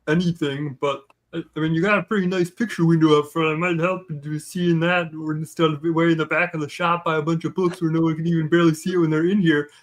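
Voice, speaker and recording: A man playing a tabletop game in character, with a fairly high voice. He tosses out wry, offhand remarks in a relaxed way. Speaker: player.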